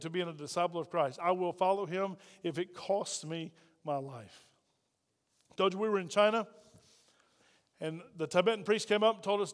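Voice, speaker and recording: Male pastor, middle-aged, high-pitched, dynamic sermon delivery that rises and drops, long reverb. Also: normal speed. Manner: storytelling preacher, swings between loud and hushed. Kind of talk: sermon with story. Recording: hall reverb.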